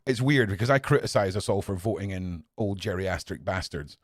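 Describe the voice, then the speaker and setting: A man in his forties hosting a podcast, delivering an angry, profane opinion monologue that swings between low muttering and loud outbursts. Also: moderate pace, no echo, studio quality. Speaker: podcast host.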